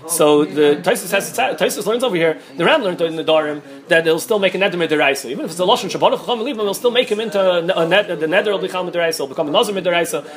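Man, rabbi teaching Talmud, very fast delivery, frequent restarts. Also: high voice. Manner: rapid, restarts often, mixes Hebrew-Aramaic terms. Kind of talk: quick Talmud study lecture.

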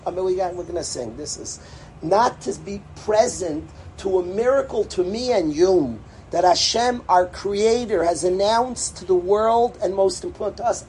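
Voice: mid-range voice, normal speed, darkish tone, a little hiss or hum, low-quality recording. An adult giving an impassioned religious talk to a gathering, emphatic and repetitive, with broken-off phrases and Hebrew and Yiddish terms mixed in. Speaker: speaker addressing a religious gathering.

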